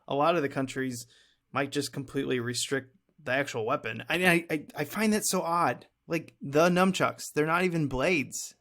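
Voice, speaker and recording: A man's voice: medium pitch, a bit bright. Chatty man co-hosting a movie podcast. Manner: chatty, rambling, self-deprecating. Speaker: podcast co-host. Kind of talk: casual movie review chat.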